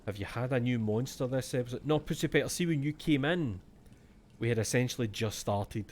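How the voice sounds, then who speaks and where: A man's voice: mid-range voice, brisk, darkish tone, a little hiss or hum. Sweary Scottish man streaming a horror game. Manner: jokey and sweary, reads game text aloud. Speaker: let's-play streamer. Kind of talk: casual gameplay commentary.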